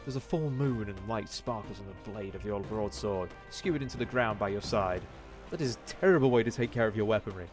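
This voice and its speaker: A man's voice: lowish voice, fairly quick, faint music behind. A man reading a fantasy gamebook aloud, correcting himself as he goes and breaking off for chatty remarks. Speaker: gamebook let's-player.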